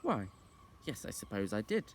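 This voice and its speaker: A man voicing a curious, brisk and confident young boy in an audiobook reading, with a bright, lightly raised boyish voice. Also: fairly low pitch, sing-song, a little hiss or hum. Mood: puzzled.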